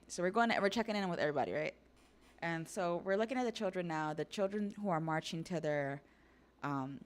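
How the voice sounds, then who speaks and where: A woman hosting a stream, casually recapping and reacting, chatty and profane. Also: lowish voice. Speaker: stream host. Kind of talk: casual episode recap and discussion.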